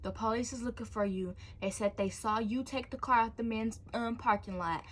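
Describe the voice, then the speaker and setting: A woman's voice: fairly high pitch, normal speed, lightly acted. A woman doing her stern scolding grandma. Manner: scolding, insistent.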